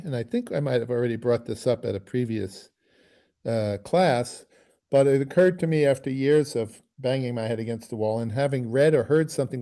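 A man teaching a music masterclass, musing aloud and singing phrases to explain them. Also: mid-range voice. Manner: musing, sings phrases, trails off quietly. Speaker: bassoon teacher giving a masterclass.

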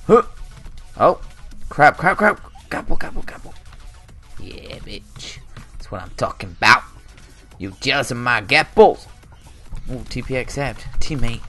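A young man giving live commentary over his own gameplay, jumping between loud outbursts and muttered asides. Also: medium pitch. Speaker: gaming channel host.

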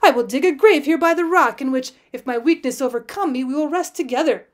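A woman reads the part of a loyal, wounded young man, earnest and urgent in a storybook reading. The voice stays high and light for the figure. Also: fairly quick, lightly acted.

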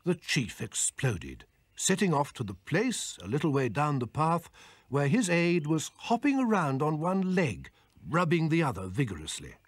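Lively husky male storybook narrator. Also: on the high side, normal speed, no room sound. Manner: lively, expressive reading.

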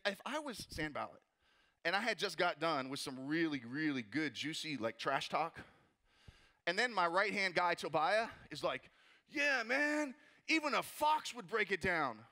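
High, bright-voiced young man preaching. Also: normal speed, pauses often. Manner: energetic, jokey, repeats words, acts out voices. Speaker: pastor. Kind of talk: sermon. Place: church auditorium.

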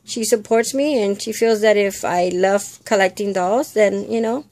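A woman's voice: a little slow, a little mellow, no echo. An older woman chatting casually to camera about her hobbies, rambling with lots of fillers. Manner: coos in a high baby-talk voice to her doll. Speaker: vlogger.

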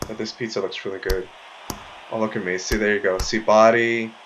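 An easygoing gaming vlogger chats casually while playing a VR boxing game and eating pizza, filling his talk with fillers. His voice is on the low side, steady and brisk, with background noise behind it.

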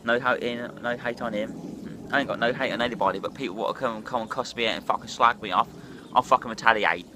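A man's voice: medium pitch, fast talker, few pauses, background noise. A hungover man, ranting and swearing bluntly in a rambling vlog monologue while drinking. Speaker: drinking vlogger.

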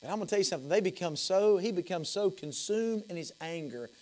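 High-voiced Southern preacher. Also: male voice, lively intonation, fast talker. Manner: emphatic, repeats phrases, swings from loud to hushed. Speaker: pastor. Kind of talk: sermon.

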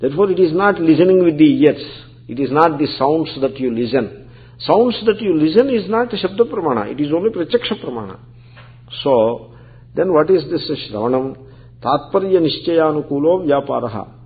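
Swami lecturing on scripture, gravelly voice, patient and explanatory, thin phone-like sound. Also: male voice, a little high, animated, moderate pace. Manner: conversational, explanatory, peppered with Sanskrit terms. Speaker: Vedanta teacher, swami. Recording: tinny phone-like recording.

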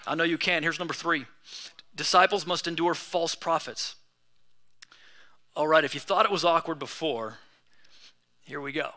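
A man's voice: on the high side, moderate pace, pauses often, pushed and bright. A young man preaching a sermon as pastor, in a casual, conversational way with slang.

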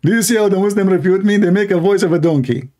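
A man's voice: sits high, fast, dark tone. A man hosting a live call-in stream, mocking and repeating his phrases as he talks to callers and the audience.

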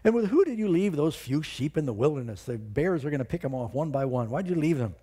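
A preacher acting out an angry older brother who scolds and accuses with open scorn. The voice is mellow and a little husky. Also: male voice, on the high side, sing-song, fast talker. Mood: scolding.

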